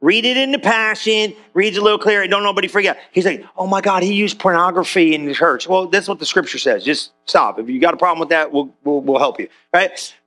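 Male pastor, high-pitched, loose joking sermon delivery. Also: fairly quick, sharp tone, soft background music. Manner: casual, joking, talks straight to the congregation. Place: church.

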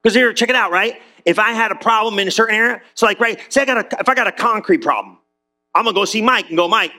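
A man preaching a sermon in a lively, conversational way, calling on the room for amens. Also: high voice, fast talker. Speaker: pastor.

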